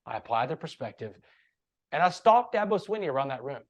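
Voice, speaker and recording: A man's voice: mid-range voice, big pitch swings, brisk. A man, a motivational speaker and podcast guest, talking in an earnest, emphatic, preachy way. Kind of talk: casual interview chat.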